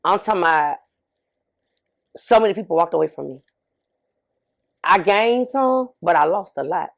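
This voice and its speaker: A middle-aged woman, a bereaved mother appearing as an interview guest, speaks candidly in a low, brisk, gravelly voice. She is emphatic, often repeats herself and poses rhetorical questions.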